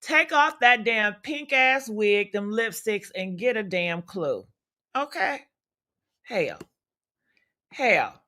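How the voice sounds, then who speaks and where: A woman's voice: medium pitch, big pitch swings, takes it slowly, long pauses, pushed and bright. A woman hosting a livestream, talking in a profane, sassy, combative way full of rhetorical questions. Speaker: livestream commentary host. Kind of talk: loud unfiltered gossip commentary.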